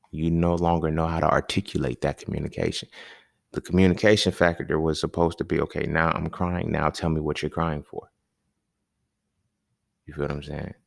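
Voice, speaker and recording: A man hosting a podcast, talking in a loose, slangy, conversational monologue that keeps checking in with the listener, with sudden animated bursts and chuckles. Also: deep voice, creaky, no echo, clean studio sound. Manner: loose, conversational, slangy, often asks "you feel me". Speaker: podcast host. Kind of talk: casual monologue.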